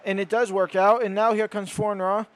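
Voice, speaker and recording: A young man giving excitable play-by-play commentary over his own football video game, rising to shouts at goals. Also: high voice, normal speed. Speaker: gaming YouTuber.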